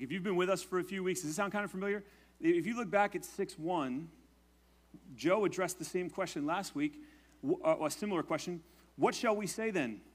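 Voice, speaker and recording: Male pastor, slightly high voice; relaxed, conversational sermon delivery. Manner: conversational preaching, often adding "right?"; prays in a low, hushed voice.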